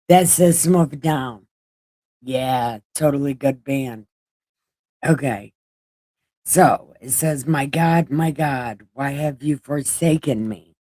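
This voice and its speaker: Woman, stuffy runny nose, slow delivery, jokey and irreverent, dry close sound. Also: extremely low pitch, warm tone, no echo. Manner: jokey, irreverent, swears casually. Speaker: online Bible reader. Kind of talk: casual livestream scripture reading.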